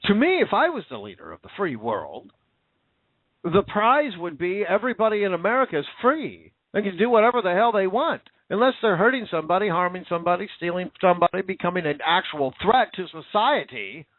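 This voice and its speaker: Casting: male commentator, high lively voice, angry ranting monologue. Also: a little fast, dry recording. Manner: heated, swearing, sarcastic. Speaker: political commentator. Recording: tinny phone-like sound.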